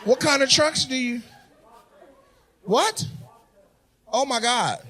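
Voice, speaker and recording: A man doing stand-up crowd work on stage, loudly teasing and mocking audience members with banter. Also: very high-pitched, takes it slowly, breathy edge. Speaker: stand-up comedian. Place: comedy club stage. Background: audience laughter.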